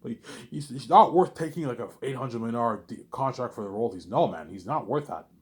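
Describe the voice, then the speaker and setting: Casual vlogger, male, quick, sing-song delivery, keeps circling back on himself. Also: mid-range voice. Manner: animated, repetitive, haggling back and forth with himself. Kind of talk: casual rambling monologue.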